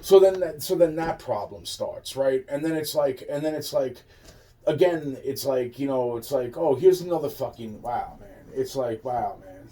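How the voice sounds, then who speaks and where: A man's voice: mid-range voice, moderate pace, warm tone, far from the mic, slight background noise. A man in a rambling, profane monologue, restarting his sentences again and again.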